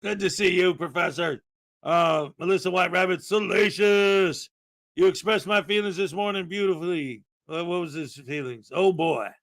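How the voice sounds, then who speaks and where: A man hosting a morning live stream in a casual, rambling way, his voice high-pitched and bright. He greets his viewers warmly by name between loose asides. Every so often he breaks into loud, excited exclamations. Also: moderate pace. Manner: chatty and rambling, many fillers.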